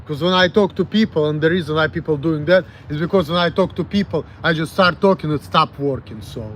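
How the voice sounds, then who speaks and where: A man's voice: a little high, fairly bright tone, slight background noise. A man in his late thirties with a Russian accent, rambling frankly and with plenty of swearing as he answers viewers on a livestream. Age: late 30s. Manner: rambling, frank, profane, halting self-corrections. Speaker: streamer.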